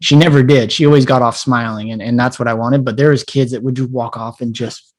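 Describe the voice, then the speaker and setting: A man at a middle pitch, co-hosting a relaxed podcast conversation. He talks bluntly and swears freely. He livens up his stories with quick acted-out bits. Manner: profane, blunt, animated storytelling. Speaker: podcast co-host. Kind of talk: casual chat.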